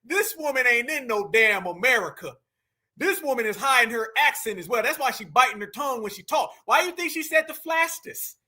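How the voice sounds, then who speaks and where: A man with a strikingly high, bright and cutting voice talks to his livestream audience. He mocks and teases in a loose, joking commentary style. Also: animated, fairly quick. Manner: mocking, teasing, addresses chat directly. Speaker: livestream host. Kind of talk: casual reaction commentary.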